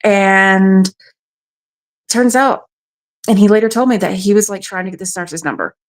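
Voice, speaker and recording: A woman's voice: mid-range voice, measured pace. A woman from South Carolina, frankly recounting a personal ordeal as a radio show guest. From South Carolina, USA. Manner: frank, matter-of-fact storytelling. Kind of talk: personal testimony.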